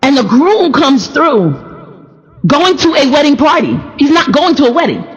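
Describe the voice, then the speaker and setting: A woman's voice: high-pitched, big pitch swings, moderate pace, muffled recording. A woman preacher delivering a sermon in a blunt, joking way, often repeating words as she searches for the next phrase. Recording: long reverb of a large hall.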